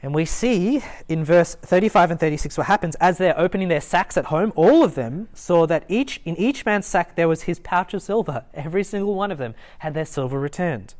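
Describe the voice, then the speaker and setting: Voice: mid-range voice, animated, brisk, hardly any pauses, a little mellow. A young adult giving a casual Bible talk to a student group, talking conversationally with fillers, restarts and light chuckles. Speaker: student ministry Bible teacher. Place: lecture room at a student meeting.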